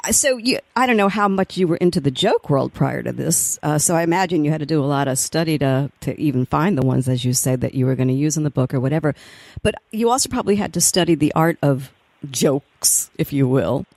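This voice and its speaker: Woman, talk show host, lively chatty delivery, gravelly, dry close sound. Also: deep voice, brisk, no echo. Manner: lively, laughs often, chatty. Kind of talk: casual interview chat.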